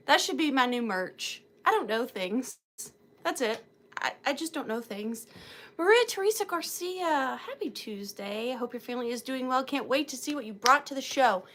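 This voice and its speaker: High, lively woman live-streaming. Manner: chatty and self-deprecating, warmly greets viewers by name. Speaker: host of an antique and vintage live sale. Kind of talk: casual live-stream chat greeting viewers.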